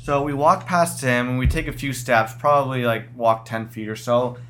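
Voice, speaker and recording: A man co-hosting a casual chat, telling a story in an animated way and often breaking into laughter. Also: medium pitch, normal speed, a little hiss or hum.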